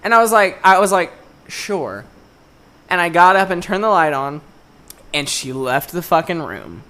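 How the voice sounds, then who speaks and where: A young podcast co-host with a bright, sharp-edged voice tells a story as a casual rant. He swears constantly and sounds exasperated throughout. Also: high voice, lively intonation, moderate pace. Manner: profane, exasperated ranting. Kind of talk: casual chat, ranting story.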